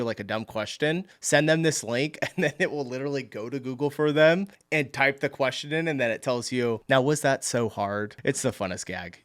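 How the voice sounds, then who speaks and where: A man from the United States talks through clips in a relaxed, chatty way, laughing often and reading comments out loud. His pitch sits mid-range for a man, and the recording is dry and close with no room sound. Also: no echo. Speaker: reaction video host. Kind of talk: casual commentary reacting to clips.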